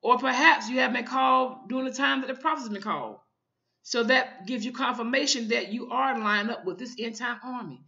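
A woman's voice: fairly high pitch, a little fast, pushed and bright, lo-fi sound. A woman minister giving an informal online sermon, fervent and often repeating her calls to the listener.

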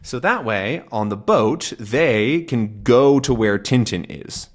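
Man, English teacher, casual explaining, mid pitch, animated intonation, lots of fillers. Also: slow. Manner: relaxed, with many fillers like "um" and "right?". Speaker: English teacher, channel host. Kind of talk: explaining a comic to learners.

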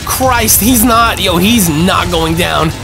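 This let's-play host's voice sits high with vocal fry, and he takes it slowly. He runs a gaming channel and gives casual, slangy commentary, becoming excitable, yelping and repeating himself in tense moments, with loud game music beneath.

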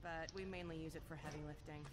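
An actress playing a capable young woman mechanic in a video game, brisk and matter-of-fact. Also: deep voice, little pitch movement, natural voice. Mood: instructive. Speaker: game character.

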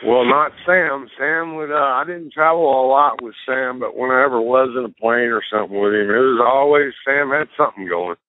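A man, a retired wrestler, chatting casually and teasing his friends with drawn-out emphasis. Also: mid-range voice, slight background noise. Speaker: retired pro wrestler guest. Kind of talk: casual chat. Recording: dry tinny phone-like audio.

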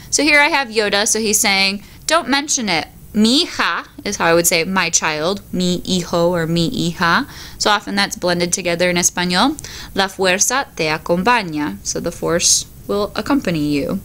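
Bright-voiced woman teaching Spanish vocabulary. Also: medium pitch, animated, normal speed. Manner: reads each word, then explains in English. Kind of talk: recorded vocabulary lesson.

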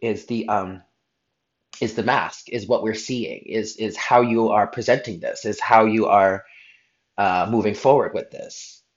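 A man's voice: on the low side, steady tone, measured pace, highs cut off. A man giving a spiritual tarot reading in an earnest, heartfelt way, sometimes blunt. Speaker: tarot reader.

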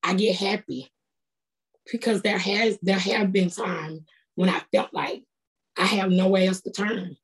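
A woman's voice: medium pitch, steady tone, a little slow. Woman, middle-aged, preacher, earnest, conversational sermon. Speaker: prophetess preaching.

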